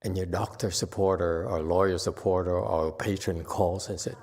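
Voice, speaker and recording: Korean-accented Zen master in a reverberant hall. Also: male voice, deep voice, steady tone, vocal fry, a little mellow. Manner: anecdotal storytelling with chuckles and halting restarts. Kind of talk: dharma talk.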